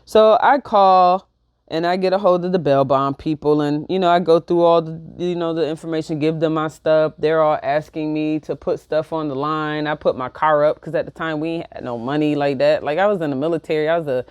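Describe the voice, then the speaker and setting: A woman, telling a personal story in a casual, slangy, profane and animated way. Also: low-pitched, a little fast, clear, resonant tone, no echo, lo-fi sound. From New York. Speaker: vlogger.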